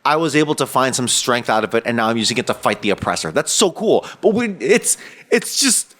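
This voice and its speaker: A man's voice: medium pitch, expressive, fast talker, a bit bright. A man co-hosting a comic review podcast in casual chat, rambling and trailing off. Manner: hesitant, rambling, lots of restarts. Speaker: podcast co-host.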